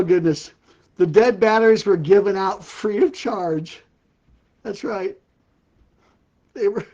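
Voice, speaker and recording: The recording is muffled, carrying a man's voice that sits high and sounds a little mellow. He's an older ministry host on a casual live stream, using a live-stream setup, telling puns and cracking up at his own jokes over and over.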